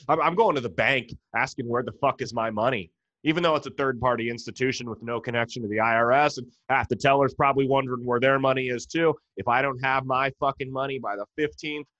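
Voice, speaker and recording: Profane ranting American comedian. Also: male voice, mid-range voice, fairly bright tone, no echo, muffled recording. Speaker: stand-up comedian. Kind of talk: comedic rant.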